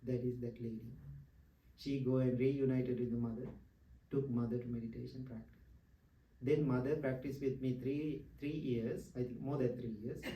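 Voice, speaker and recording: A middle-aged man who is a Buddhist monk, giving a dharma talk in broken English learned as a second language, animated and laughing often. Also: mid-range voice, normal speed, dull audio, a little hiss or hum. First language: not English. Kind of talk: dharma talk with personal stories. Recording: roomy hall, distant mic.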